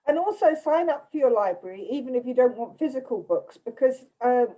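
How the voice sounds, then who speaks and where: A woman from the UK, a literary agent reading out audience questions and answering some herself in a relaxed way. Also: high voice, brisk, low-quality recording. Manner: warm, relaxed, reads out questions with fillers. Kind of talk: casual chat.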